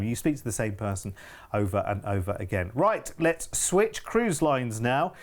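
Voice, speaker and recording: A British man hosting a travel deals show, talking in a chatty, emphatic and upbeat way. His voice sits at an ordinary middle pitch for a man. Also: normal speed. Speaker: TV shopping channel presenter. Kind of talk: enthusiastic sales chat.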